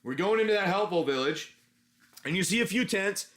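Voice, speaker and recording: A man's voice: high-pitched, lively intonation, fairly quick, a bit bright. A man running a casual tabletop-style adventure as game master, rambling with many restarts.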